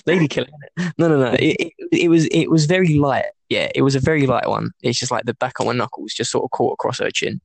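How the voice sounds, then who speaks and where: Young guy, gravelly voice, keeps laughing mid story, dry close sound. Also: medium pitch, brisk, no room sound. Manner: laughs often while telling a story, crude and joking. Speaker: podcast co-host. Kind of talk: casual chat.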